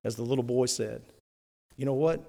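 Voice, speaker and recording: A man preaching a sermon as a church elder, animated and laughing often, rising to loud emphatic peaks. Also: medium pitch, moderate pace, vocal fry. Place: church sanctuary. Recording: long reverb of a church hall.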